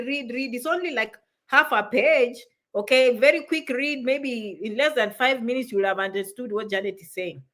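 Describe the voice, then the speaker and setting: A woman's voice: a little high, fairly bright tone. Emphatic woman hosting a livestream. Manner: emphatic, keeps asking "okay?". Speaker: immigration visa advisor and livestream host. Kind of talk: live stream talk, reading viewer comments. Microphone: livestream setup.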